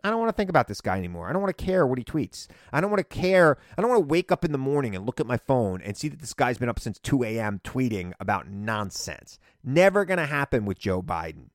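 A middle-aged man giving an animated, emphatic political monologue as a radio and TV commentator. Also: mid-range voice, quick pace, hardly any pauses, no echo, clean studio sound.

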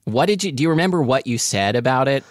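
A man's voice: medium pitch, expressive, fast, no echo, clean studio sound. A man hosting a podcast in casual chat, wry and joking, reading aloud from his notes while he chews. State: chewing food. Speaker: podcast host.

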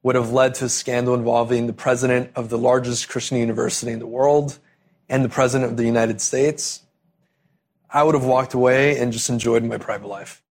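A man's voice: medium pitch, steady tone, brisk. Earnest man in a documentary clip. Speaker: documentary interviewee.

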